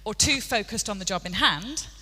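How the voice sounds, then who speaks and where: A woman's voice: mid-range voice, lively intonation, moderate pace, bright, forceful tone, slightly rough. A woman playing a meek, agreeable office worker. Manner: modest, mild. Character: meek, agreeable woman who likes everyone. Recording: reverberant hall, faint noise.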